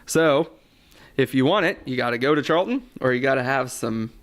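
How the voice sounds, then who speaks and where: A man chatting casually as a podcast guest, excitable and teasing. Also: mid-range voice, normal speed. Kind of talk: casual chat.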